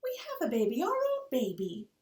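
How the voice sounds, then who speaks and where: Woman reading as a proper pioneer mom, measured and mildly scolding, with a roomy echo. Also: fairly high pitch, wildly swooping pitch, a little mellow, pitched above the performer's own voice. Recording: roomy, distant mic.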